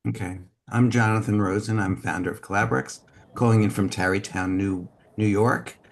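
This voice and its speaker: A man's voice: fairly low pitch, fairly even intonation, normal speed, creaky, slight background noise. A man who founded the group, speaking thoughtfully and with some hesitation on a video call. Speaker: organization founder. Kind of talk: casual video call chat.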